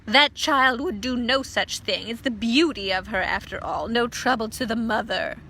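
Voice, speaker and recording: A woman voicing a proud, scornful neighbor creature lady who speaks loudly and emphatically in a storybook reading. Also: sits high, animated, drawn-out words, a little hiss or hum, pitched above the performer's own voice, heavily acted. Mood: indignant.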